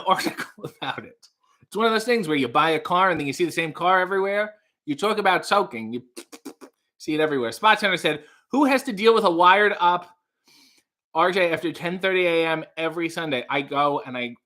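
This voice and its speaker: A man in his thirties hosts a casual livestream, reading viewer comments aloud and riffing on them. His voice sits a little high and sounds bright and forceful. He rambles and drops playful mock-grand asides. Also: expressive, brisk. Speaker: livestream host.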